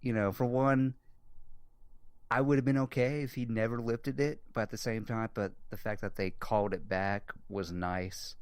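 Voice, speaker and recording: Lower-pitched guy rambling and swearing a lot, super dry close mic. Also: moderate pace, clean tone, no room sound. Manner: excitable, rambling, heavy fillers and swearing. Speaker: podcast host. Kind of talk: casual chat.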